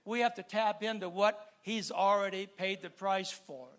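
A man preaches a sermon with a high, bright voice. He talks easily to the congregation, stacks phrase after phrase in a steady rhythm, and builds up to loud fervent preaching. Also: moderate pace. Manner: repetitive listing cadence.

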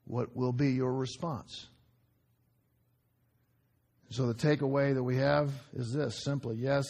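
A man preaching a sermon, moving from loud urgent outbursts to quiet hushed emphasis, repeating phrases and asking the congregation questions. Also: medium pitch, measured pace. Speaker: pastor.

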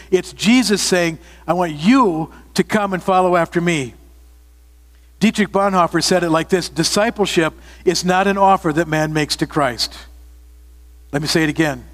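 A man's voice: high-pitched, long reverb tail. A man preaching a sermon, earnest and direct, often repeating phrases for emphasis and asking his listeners questions. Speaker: pastor.

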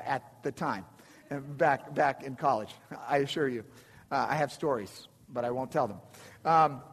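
Animated man telling a story in a hall. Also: on the high side. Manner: animated, self-deprecating, many restarts and repetitions. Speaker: speaker telling a story to an audience. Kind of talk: storytelling talk to a live audience.

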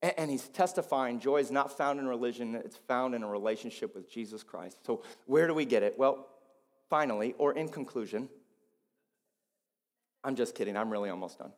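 A man preaching a sermon to a congregation, building from quiet reasoning to loud, fervent peaks and asking the people to repeat words after him. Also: medium pitch, brisk. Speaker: pastor. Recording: long reverb of a large hall.

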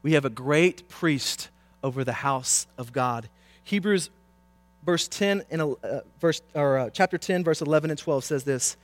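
A male pastor preaching a sermon, swinging from loud, impassioned urging to hushed pleading. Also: a little high, measured pace, no echo.

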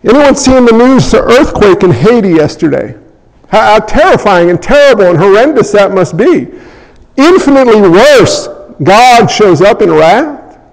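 A man preaching a sermon as a pastor, in an animated way, acting out scenes and little voices as he goes. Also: high voice, moderate pace. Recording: long hall reverb.

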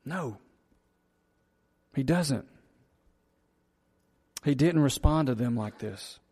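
A man's voice: mid-range voice, animated, drawn-out words, warm tone, husky. A man preaching a sermon, earnest and repetitive, asking the congregation rhetorical questions. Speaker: pastor.

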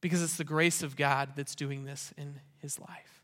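A man's voice: a little high, little pitch movement, moderate pace, fairly bright tone. A man preaching a sermon as pastor, in an earnest, conversational way with rhetorical questions. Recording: long reverb of a large hall.

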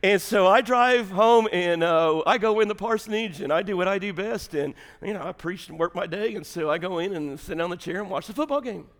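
A man's voice: high voice, fairly quick, hardly any pauses, big-room sound. A middle-aged man, a pastor, telling a humorous family story in a chatty sermon, laughing often. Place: church sanctuary.

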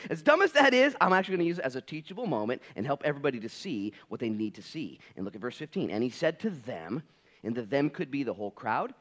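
A male pastor giving a sermon with a lively, swinging pitch and a casual, playful delivery. He talks to the congregation like a friend. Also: quick pace. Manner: animated, conversational, playful.

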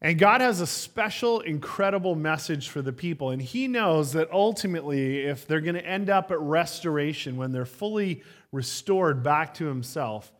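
Male pastor, sermon delivery, conversational and story-driven, a touch high-pitched. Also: lively intonation, moderate pace, hardly any pauses. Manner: conversational storytelling with frequent fillers. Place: church.

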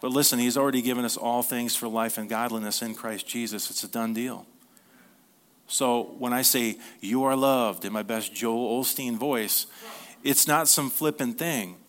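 Male preacher, mid-pitched, conversational sermon delivery, slow on scripture, rising energy on the big points. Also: a bit bright. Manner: earnest, conversational, asks the listeners questions; reads scripture slowly, then rises in pitch and energy.

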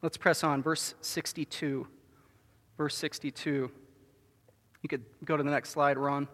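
In a church sanctuary, a pastor with a high, level voice preaches an earnest sermon. He stretches out stressed words and drops almost to a hush for his most solemn appeals, and his voice trails off in a long hall reverb.

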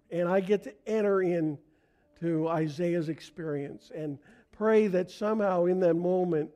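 A middle-aged male pastor preaching a sermon in a church, earnest, going soft in prayer and rising on emphasis. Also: a little high. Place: church sanctuary.

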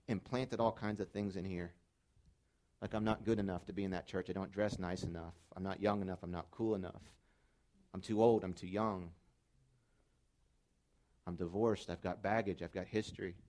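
A middle-aged man preaching a sermon as pastor, telling stories and building to loud, fervent peaks. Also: sits low.

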